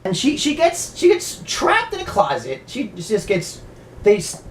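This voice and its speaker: A woman's voice: mid-range voice, huge pitch swings, a little slow, slight background noise. A woman casually recapping a horror movie, rambling, stammering often and swearing freely. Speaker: movie reviewer.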